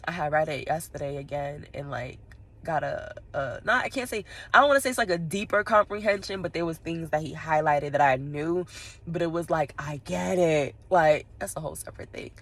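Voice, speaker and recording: A woman's voice: low-pitched, a little fast. A woman vlogging from inside her parked car, tearful and sniffling, rambling straight to her viewers and laughing through her tears. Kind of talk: casual vlog monologue.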